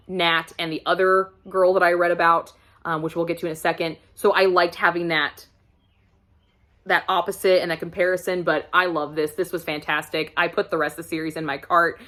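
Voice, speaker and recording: A woman's voice: on the low side, fairly bright tone. A woman reviewing books in a casual vlog, chatty and gushing, laughing often as she talks. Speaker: book reviewer.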